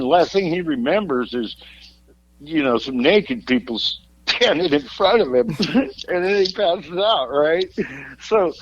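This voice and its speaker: A rock singer in his fifties, appearing as a podcast guest, swaps wild road stories in loose, raucous chat, laughing, swearing freely and joking throughout. His voice is high and a bit bright, and the audio sounds dull.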